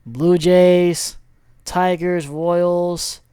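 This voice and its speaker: A man's voice: sits high, flat delivery, very slow, warm tone, smooth, no echo, studio quality. A man giving a casual, rambling sports recap as he clicks through a screen, with many fillers and self-corrections. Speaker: sports vlogger.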